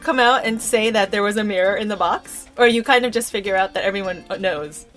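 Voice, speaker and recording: A woman's voice: medium pitch, a bit bright, soft background music. A woman co-hosting a podcast, chatting enthusiastically about a story she just heard. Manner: enthusiastic, chatty, quick to laugh. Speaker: podcast co-host. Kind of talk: casual podcast chat.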